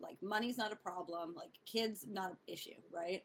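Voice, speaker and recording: A woman chatting casually among friends, telling stories with bursts of laughter and excitement. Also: mid-range voice, normal speed, slight background noise. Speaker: podcast co-host. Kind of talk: casual chat.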